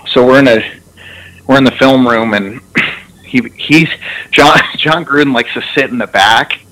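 A young man in casual chat, telling lively stories with laughter and frequent restarts, heard over a radio broadcast. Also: medium pitch, a little slow, pauses often, rough recording. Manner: animated storyteller, laughs a lot, restarts. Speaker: former football player guest.

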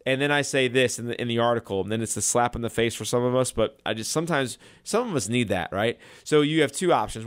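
A man's voice: mid-range voice, a bit bright, clear, resonant tone. A man, a chiropractor talking earnestly and casually about patient care and diet. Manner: earnest, conversational, retells patient stories. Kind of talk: casual talk to camera.

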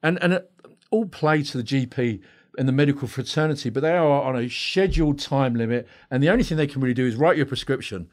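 A man's voice: mid-range voice, fast talker. A man, a hypnotherapist guest on a podcast, telling stories bluntly, swearing freely and acting out both sides of conversations. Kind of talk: animated storytelling in a podcast interview.

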